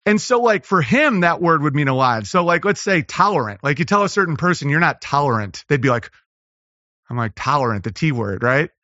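Bright-voiced rambling comedian, dull dry audio. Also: male voice, on the high side, sing-song, no room sound. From Los Angeles. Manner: rambling, riffing, slips into quick impressions. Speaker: comedian guest. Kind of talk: casual podcast conversation.

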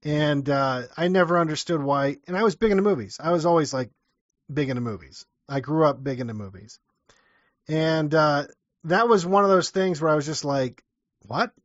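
A man's voice: a little high, moderate pace, no echo. A man hosting a livestream and casually reading out viewer messages, talking in an offhand, rambling way. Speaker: livestream host. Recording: dull lo-fi dry sound.

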